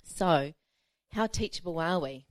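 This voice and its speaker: A woman's voice: fairly low pitch, expressive, unhurried, no echo. A woman pastor preaching a sermon, telling a self-mocking personal story with frequent laughter.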